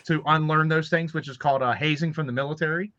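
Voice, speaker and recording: Rambling, joking man, forceful bright voice, dry dull lo-fi call audio. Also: on the high side, fairly even intonation, quick pace, no echo. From Baltimore, Maryland. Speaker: author co-guest. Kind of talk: casual chat. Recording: dull lo-fi sound.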